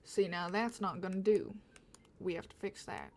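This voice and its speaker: Chatting to her stream while she draws, a young woman with a slight Southern US accent speaks at normal speed in a fairly low, expressive voice. She rambles, giggles, and often corrects herself.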